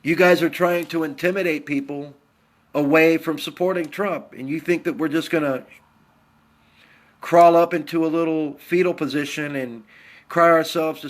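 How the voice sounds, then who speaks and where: Middle-aged american guy, navy vet, ranting hard, slightly high voice, keeps repeating himself. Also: steady tone, normal speed. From United States. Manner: heated, blunt, repeats his points. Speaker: Navy veteran vlogger. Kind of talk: angry political rant.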